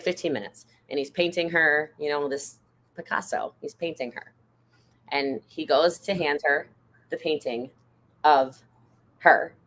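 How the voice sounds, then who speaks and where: A woman in her thirties hosting a casual conversation, telling lively stories and jumping into high-pitched voices when she quotes people. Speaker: host.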